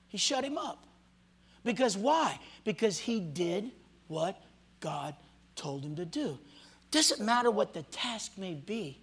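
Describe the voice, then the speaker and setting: A male pastor preaching a sermon to a congregation, swinging from loud shouts to hushed near-whispers and acting out the voices of people he quotes. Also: sits high, sing-song, a little slow, husky. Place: church hall before a congregation.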